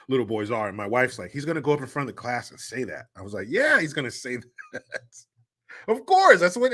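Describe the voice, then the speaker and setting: A man's voice: on the high side, bright, forceful tone. A man hosting a livestream, telling family stories in a joking, crude way and laughing often. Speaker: host. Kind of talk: casual livestream talk.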